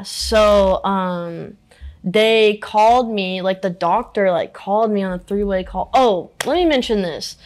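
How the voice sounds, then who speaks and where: Brief: young woman interviewee, mid-pitched, emotional, halting, heavy on filler words. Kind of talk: candid personal interview.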